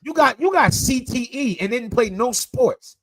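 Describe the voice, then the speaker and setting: A man with an American accent, trash-talking loudly and mockingly in a heated online panel debate. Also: very high voice, a little slow, no echo. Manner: loud, mocking, animated trash talk.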